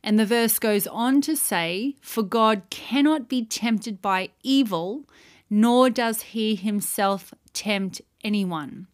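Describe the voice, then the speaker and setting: A woman's voice: fairly high pitch, takes it slowly. A woman teaching on scripture in a Q&A episode, reading verses aloud and stressing repeated words with emphasis. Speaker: Bible teacher.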